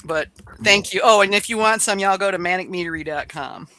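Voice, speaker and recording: A woman's voice: mid-range voice, brisk, bright, forceful tone. A woman hosting a podcast in casual conversation, chatty as she describes the tasting notes of a mead. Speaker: podcast host.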